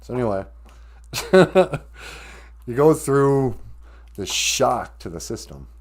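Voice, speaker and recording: Lively-voiced man, rambling at home. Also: mid-range voice, takes it slowly, husky. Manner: candid and rambling, with frequent self-interrupting asides. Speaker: live-stream host. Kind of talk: casual live-stream talk.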